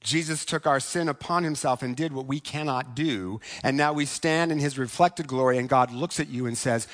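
A man preaching a sermon in a conversational way, often asking "right?" and slowing down for key points. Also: mid-range voice, a bit bright. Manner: conversational, asks "right?" often, slows for emphasis. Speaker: pastor.

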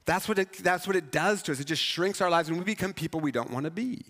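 Male pastor, high voice, conversational and animated sermon, long church-hall reverb. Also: quick pace. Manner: conversational, animated, self-mocking. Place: church sanctuary.

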